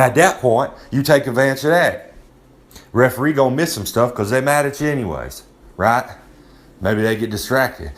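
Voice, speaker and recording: A man giving a casual, swaggering monologue of tips as a recurring segment presenter, talking loose and streetwise and repeating himself for effect. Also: fairly low pitch. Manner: swaggering, loose, repeats "I'm just saying", streetwise slang.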